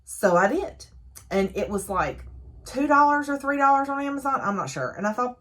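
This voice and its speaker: A woman's voice: a little high, normal speed. A young adult woman reviewing a book in a casual chat to camera, talking freely with fillers and frequent laughs. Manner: chatty, laughs often, lively fillers.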